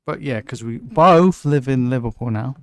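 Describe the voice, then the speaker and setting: A man co-hosting a casual football podcast, relaxed and chatty, laughing easily. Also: mid-range voice, moderate pace, clean tone, dry recording, studio quality. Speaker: podcast co-host. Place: lives in Liverpool.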